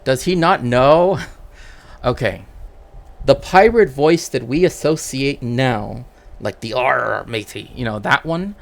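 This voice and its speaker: A man's voice: mid-range voice, expressive, slow. A man, a cultural historian, chatting casually on a live stream in a rambling way, often tagging his sentences with "right?".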